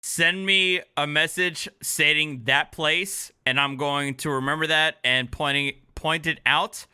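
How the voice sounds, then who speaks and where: A man's voice: on the high side, unhurried, smooth. Tipsy, profane male streamer. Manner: laughing, profane, excitable. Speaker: streamer hosting a review show. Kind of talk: casual reaction commentary.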